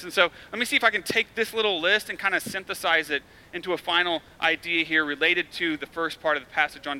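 A man's voice: high-pitched, sharp tone. A male pastor preaching a sermon in a casual, conversational way, with emphatic, repetitive build-ups and frequent tag questions. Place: church.

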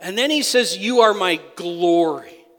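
A man preaching a sermon as pastor, emphatic, swinging between loud peaks and soft asides. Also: high-pitched, unhurried. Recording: long hall reverb.

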